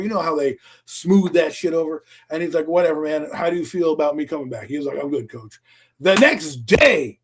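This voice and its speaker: A man with a high, husky voice tells sports stories in a loose, animated way, and he swears often. It sounds like casual chat on a talk stream. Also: a little fast. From Philadelphia area, US. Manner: animated storytelling, profane. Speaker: podcast co-host.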